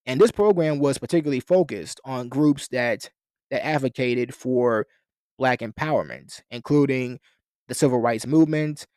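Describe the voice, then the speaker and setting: A man's voice: mid-range voice, a little mellow, no echo. A man giving an explanatory history lecture, talking in long sentences with some restarts and fillers. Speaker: lecturer on a philosophy channel.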